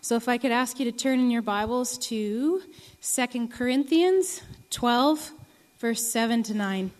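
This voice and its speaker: An earnest young woman, slightly high-pitched, preaches slowly to a congregation, with many hesitant ums between phrases. Her voice carries a long reverb from a large hall. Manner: earnest, many ums, rises to emotional pleading. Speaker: speaker giving a testimony talk. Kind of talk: sermon.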